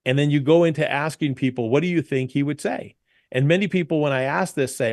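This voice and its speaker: This slightly high-voiced, brisk man owns a DJ entertainment company and appears as a guest in an interview, offering business tips. He's an animated, emphatic storyteller who acts out the quotes, and the studio-quality recording has no room sound.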